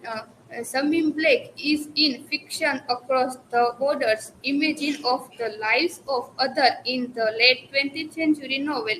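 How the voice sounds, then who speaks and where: A woman in her twenties with an Indian English accent giving a hesitant classroom presentation, often restarting words and filling pauses. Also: high-pitched, fairly bright tone, slight background noise, rough recording. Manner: hesitant, frequent restarts and fillers. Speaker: student presenter.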